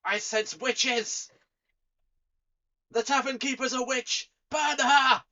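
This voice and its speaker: A man's voice: very high voice, fairly even intonation, slow pace, pushed and bright, voice pushed up, exaggerated voice. A man voicing a petty, frustrated male street thug who rants and whines. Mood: ranting. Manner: whiny, ranting. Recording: dull lo-fi sound.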